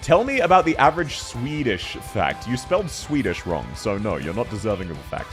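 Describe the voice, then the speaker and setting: A man's voice: medium pitch, sing-song, brisk, fairly bright tone, soft background music. A young man, chatting casually with his live-stream audience while gaming, rambling, swearing freely and laughing often.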